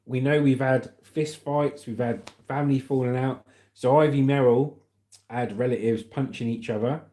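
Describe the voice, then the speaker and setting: A man's voice: medium pitch, steady tone, moderate pace, warm tone. A British man hosting a casual livestream, chatting and reading out viewer comments in an upbeat way. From Britain. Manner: chatty and upbeat, calls viewers mate and legend. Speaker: livestream host.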